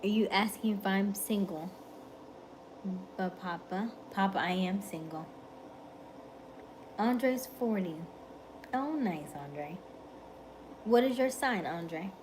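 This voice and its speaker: A woman in her late thirties hosting a livestream, talking with viewers in a calm, methodical, relaxed way. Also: mid-range voice, noisy background. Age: 30s. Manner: calm, methodical, unhurried delivery. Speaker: livestream host.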